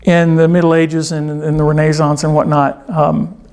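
A man's voice: on the high side, monotone, moderate pace, a little mellow. A man, a priest, giving an informal teaching talk in church, conversational, with frequent fillers and restarts.

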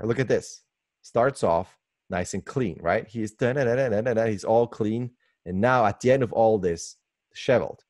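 A man's voice: fairly low pitch, no echo, clean studio sound. A man in his forties, a guest animator giving an enthusiastic webinar commentary from home over a video call mic, laughing often and gushing. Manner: excitable, laughs often, lively gushing delivery. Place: home workspace.

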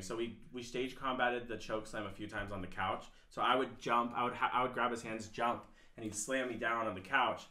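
A man's voice: mid-range voice, fairly even intonation, a little fast, hardly any pauses, pushed and bright, echoey room. A young man, a podcast guest, telling rambling stories full of fillers in casual chat. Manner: rambling, filler-heavy storytelling.

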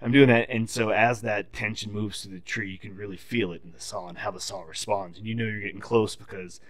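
A man's voice: fairly low pitch, steady tone, a little fast, no room sound. A man in casual podcast chat, telling a profane story and explaining tree felling in technical detail. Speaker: podcast guest.

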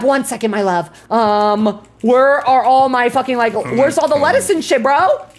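A woman streaming a cooking game, excitable and foul-mouthed, talking to her chat and flaring into loud exclamations when flustered. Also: on the high side, unhurried, hardly any pauses, slight background noise. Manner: excitable, swears a lot, talks to chat. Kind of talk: live gameplay commentary.

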